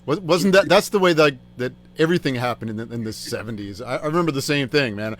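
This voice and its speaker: A man's voice: mid-range voice, expressive, quick pace. A man co-hosting a casual show, chiming in with agreement and shared memories. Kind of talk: casual chat.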